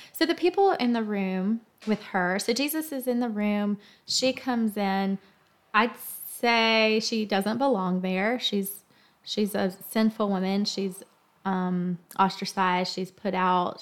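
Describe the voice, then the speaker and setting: A woman hosting a faith talk, speaking earnestly and emotionally in a gentle storytelling tone. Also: mid-range voice. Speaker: podcast host.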